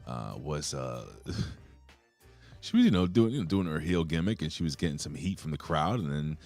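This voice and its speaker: Low-voiced man in loose profane chat. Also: expressive, normal speed, a little mellow, no echo, soft background music. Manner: loose, profane, rambling with frequent fillers. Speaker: podcast co-host. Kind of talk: casual wrestling review chat.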